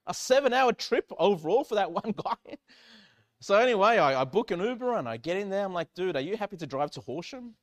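A male pastor tells a story from the pulpit in a high, bright-toned voice. His delivery is animated, jumping from loud cries to quiet, sinking lines. He sounds like a preacher in full storytelling flow. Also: brisk. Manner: animated storytelling, swinging from loud exclamations to hushed low lines. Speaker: church pastor. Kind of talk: sermon storytelling.

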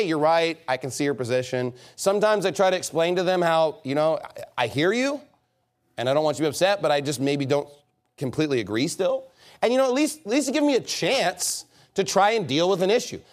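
A pastor preaching a sermon in a church, conversational and lively, acting out little bits of dialogue. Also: male voice, sits high, a little fast. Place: church sanctuary.

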